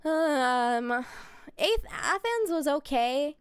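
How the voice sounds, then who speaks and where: High-voiced playful woman streamer. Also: expressive, drawn-out words, no echo, clean studio sound. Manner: playful and goofy, silly word swaps. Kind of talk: casual livestream chat.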